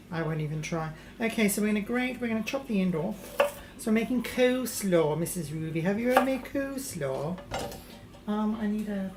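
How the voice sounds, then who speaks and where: A grand, vain English lady, played by a woman cooks for a live comedy show and calls everyone darling in a plummy put-on accent. Her voice sits at a middling pitch. It rings through an echoey kitchen with a faint hum behind it. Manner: theatrical, calls people darling. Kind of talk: live-streamed comedy cooking show in character. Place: home kitchen.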